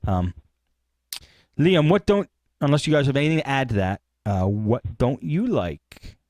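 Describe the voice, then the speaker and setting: A man's voice: mid-range voice, sing-song, a little slow, a little mellow, no echo. A man hosting a live tech podcast, ranting casually and animatedly with laughs. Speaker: podcast host.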